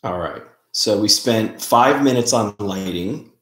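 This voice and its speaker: A man hosting a casual live stream, chatting in a relaxed way and greeting viewers by name. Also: lowish voice, a little slow. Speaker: livestream host. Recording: roomy, echoey room sound.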